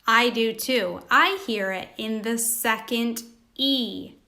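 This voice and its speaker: Slow, bright-voiced woman teaching phonics. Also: a little high. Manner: slow, careful, sounding out each word. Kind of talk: recorded phonics lesson for children.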